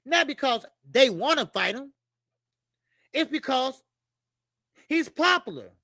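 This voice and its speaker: A man hosting a casual boxing show, ranting heatedly and cursing, shouting at times. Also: extremely high pitch, very animated, slow pace, no room sound, studio quality. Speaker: boxing commentary show host.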